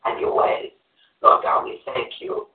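A woman on a church group call, telling her testimony and leading a fervent spoken prayer full of repeated invocations. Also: a little slow. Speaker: evangelist, church member. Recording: distant echoey phone-line audio.

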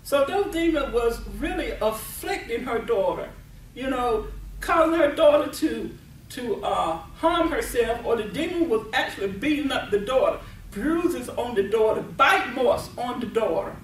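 Woman preacher in a sermon, slow delivery, keeps repeating herself, laughs a lot, roomy far-off sound. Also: fairly high pitch, animated, a little hiss or hum. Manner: emphatic, laughs often, repeats and restarts words. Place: meeting venue. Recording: echoey room, voice from far off.

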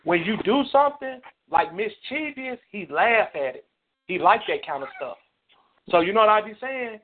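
A man with a high voice driving his point home on a casual podcast, cutting in with "listen" and "look" again and again. His voice comes through thin and phone-like, with a light hiss underneath. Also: expressive, normal speed. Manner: emphatic, keeps repeating "listen" and "look". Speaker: podcast co-host. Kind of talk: casual banter. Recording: tinny phone-like sound with faint hiss.

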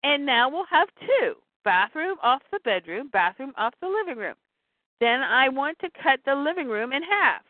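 A woman's voice: high voice, big pitch swings, moderate pace, dry recording. Woman plays headstrong warrior wife, lecturing; tinny line. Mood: insistent. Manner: insistent, lecturing.

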